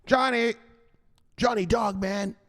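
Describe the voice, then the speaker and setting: A man's voice: high voice, fairly even intonation, takes it slowly, vocal fry, fairly bright tone, voice pushed up, full character voice. A man voicing a crude, slangy male buddy who mocks his friend and pushes a party trip, drawling "dog" and "man" throughout. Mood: mocking.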